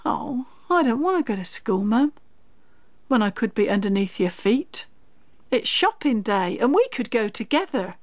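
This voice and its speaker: A woman's voice: a little high, no echo. A woman reciting comic verse in the voice of a small child pestering its mum, in a rhythmic, repetitive sing-song. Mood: pleading.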